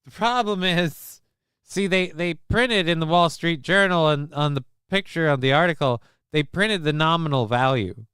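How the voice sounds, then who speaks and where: A man's voice: fairly high pitch, normal speed, smooth, dry recording, clean studio sound. A man hosting a casual livestream show, rambling with many fillers and crude jokes as he reads the chat. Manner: gets loud and excited over news figures.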